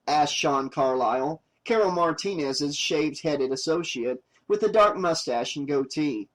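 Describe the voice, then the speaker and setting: A man reading a horror novel aloud as an audiobook narrator, steady and plain. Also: a little high, measured pace, hardly any pauses, low-quality recording.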